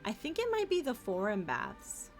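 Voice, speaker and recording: A young woman streaming a game and chatting playfully with her viewers. Her voice is a bit high and very lively, with faint music playing under it. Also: normal speed. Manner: chatty, playful, talks to chat and pets. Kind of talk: casual gameplay commentary.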